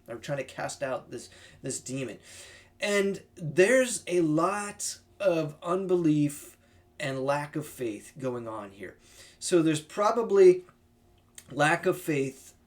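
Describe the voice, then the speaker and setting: A man explaining a Bible passage in a relaxed, conversational study talk. His voice sits a bit higher than most men's. He thinks aloud as he goes and often turns to listeners with a quick "right?". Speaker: Bible teacher.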